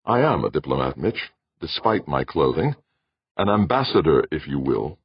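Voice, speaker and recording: A man voicing a measured male diplomat who speaks calmly and dryly. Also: a bass voice, slightly rough, no echo, full character voice. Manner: measured, dry. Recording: dull lo-fi, dry.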